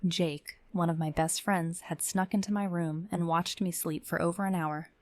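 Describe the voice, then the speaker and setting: A woman giving measured, tense first-person narration of a scripted horror story. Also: fairly low pitch, steady tone, darkish tone, dry recording.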